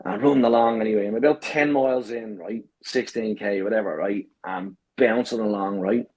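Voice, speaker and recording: Husky man telling a story. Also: lowish voice, normal speed. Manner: animated, swears a lot, acts out shouting. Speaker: podcast guest. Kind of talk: casual storytelling.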